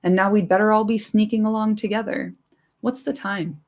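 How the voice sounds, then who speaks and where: A woman doing a rough, loyal manservant. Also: medium pitch, fairly even intonation, normal speed, darkish tone, pitched above the performer's own voice, natural voice. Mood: gruff. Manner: rough, earnest. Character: loyal, rough-spoken male servant, protective.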